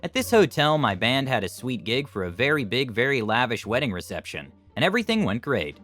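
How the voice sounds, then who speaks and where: A man reading online stories aloud and then commenting on them, in a lively storytelling manner. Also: mid-range voice, a little fast, soft background music. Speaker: story channel narrator.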